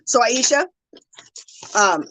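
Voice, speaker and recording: A woman's voice: on the high side, animated, takes it slowly, a bit bright, slight background noise, poor audio. A woman hosting a casual craft livestream, chatting with viewers and gushing with thanks. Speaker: livestream host.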